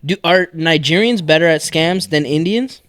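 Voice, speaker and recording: A man's voice: on the high side, normal speed, a bit bright. A man co-hosting a podcast, chatting casually, teasing and joking and laughing often. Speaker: podcast co-host.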